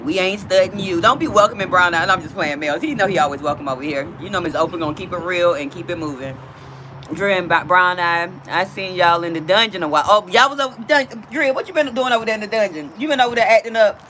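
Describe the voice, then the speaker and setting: A woman's voice: lowish voice, fast talker, background noise. A woman hosting a casual livestream from outdoors, chatting directly with her viewers. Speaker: livestream host.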